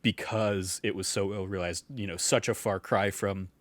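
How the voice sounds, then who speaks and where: A man's voice: sits low, steady tone, normal speed, no echo. A young man co-hosting a podcast, chatting casually and rambling with many fillers and restarts. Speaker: podcast co-host. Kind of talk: casual chat.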